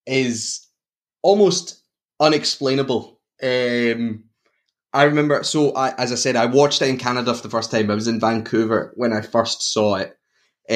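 A man with a Glaswegian Scottish accent, co-hosting a film podcast in casual chat, talking in an animated, self-interrupting way and laughing often. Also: medium pitch. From Glasgow, Scotland. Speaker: podcast co-host discussing films.

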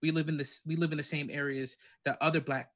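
Man, bright forceful voice, earnest explaining, casual podcast. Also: fairly high pitch, flat delivery, quick pace. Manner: earnest, explanatory, with frequent fillers.

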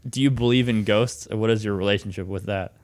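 A man hosting a podcast, joking around and quickly putting questions to a guest. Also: fairly low pitch, fairly even intonation, darkish tone. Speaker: podcast host. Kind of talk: casual podcast chat.

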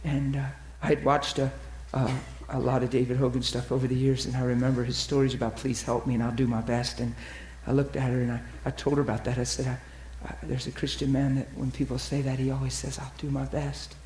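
A man telling ministry stories in a sermon, acting out the people he quotes and dropping to a soft near-whisper at tender moments. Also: mid-range voice, little pitch movement, fast talker, hardly any pauses, reverberant, a little hiss or hum. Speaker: preacher. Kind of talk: storytelling sermon.

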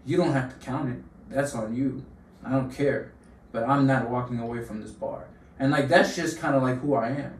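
A man's voice: mid-range voice, normal speed. Young man telling gym stories, roomy room. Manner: long slangy storytelling, fired up. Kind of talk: casual podcast chat. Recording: roomy room, distant mic, faint hum.

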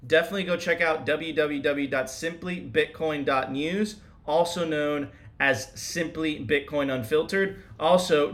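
A man's voice: a little high, fairly bright tone. Male co-host, casual livestream, upbeat, reads chat and plugs links.

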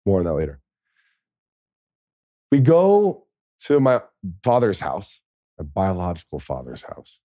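A man's voice: low voice, wildly swooping pitch, unhurried, pauses often, dark tone, no echo, clean studio sound. A man, a former pro football player, telling a story in a rambling, profane way and laughing often. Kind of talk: casual storytelling.

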